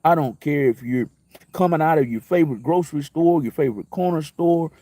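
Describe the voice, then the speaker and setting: A man's voice: fairly quick, mellow, no room sound. Emphatic storytelling man, dry close mic. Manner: conversational storytelling with repeated phrases and emphatic jumps in pitch. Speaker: internet radio talk host. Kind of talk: casual live-stream monologue.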